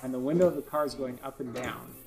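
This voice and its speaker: A man's voice: mid-range voice, fairly even intonation, quick pace, gravelly. A man giving casual gameplay commentary, rambling with lots of fillers and restarts, often frustrated. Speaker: gaming video host.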